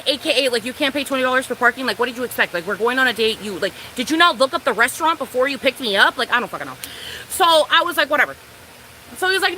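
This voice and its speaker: A woman's voice: high voice, quick pace, a little hiss or hum, rough recording. A young woman vlogger telling a storytime tale to her viewers, swearing freely and acting out both sides of the story. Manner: profane, animated storytelling. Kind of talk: storytime vlog.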